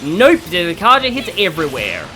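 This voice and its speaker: Chatty let's-play host with lively pitch. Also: normal speed. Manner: chatty, exasperated at the boss. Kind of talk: gameplay commentary. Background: game music.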